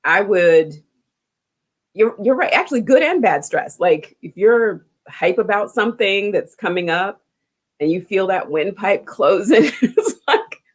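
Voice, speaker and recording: A woman's voice: medium pitch, animated, a little slow, slightly rough. A middle-aged woman hosting a talk show, chatting casually and empathetically with emphatic asides. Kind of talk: casual interview chat.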